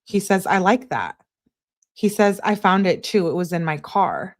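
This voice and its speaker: A woman's voice: medium pitch, lively intonation, measured pace. A woman hosting a true crime channel, reading text messages aloud in a plain way and spelling out abbreviations letter by letter.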